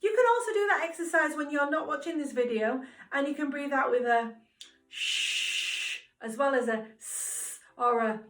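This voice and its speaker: A woman teaching a singing lesson to young children, encouraging and speaking slowly and clearly. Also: high-pitched, a bit bright. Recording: roomy sound from a distance, music behind.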